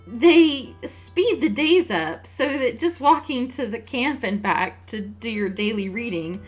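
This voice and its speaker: A woman's voice: on the high side, lively intonation, unhurried, husky, soft background music. A woman hosting a let's play, giving casual, musing gameplay commentary and laughing often.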